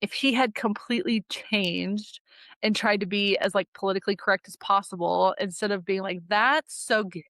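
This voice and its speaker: A woman in her thirties, appearing as a daughter on a podcast, chats briskly, telling stories with plenty of fillers and quoted voices. Her mid-range voice is fairly bright with fairly even intonation, captured in studio quality with no echo.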